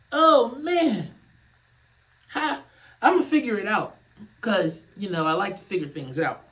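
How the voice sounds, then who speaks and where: A young man hosting a podcast, ranting in a loose comedic way. He laughs often, swears freely and swings from loud outbursts to low muttering. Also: sing-song, a little slow, pauses often, low-quality recording. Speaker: podcast host. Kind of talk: casual comedic rant.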